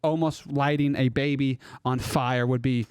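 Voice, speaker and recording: A man co-hosting a podcast, ranting through his list in an animated, jokey way. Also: mid-range voice, measured pace, clear, resonant tone, dry recording, studio quality. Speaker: podcast co-host. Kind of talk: casual podcast chat.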